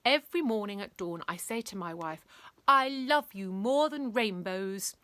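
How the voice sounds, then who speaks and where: A woman's voice: mid-range voice, animated, fairly bright tone, no room sound. A woman voicing a doting, soppy father in a bedtime story, drawing out his sugary declarations. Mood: gushing. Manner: sugary, drawn-out gushing. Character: doting soppy father, gushing adult man.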